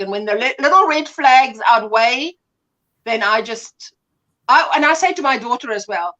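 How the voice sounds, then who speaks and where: A middle-aged woman chats on a craft livestream with a high, bright voice. She tells her stories with animated energy. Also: moderate pace, muffled recording. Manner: animated, laughing storyteller. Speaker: livestream host. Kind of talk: casual chat.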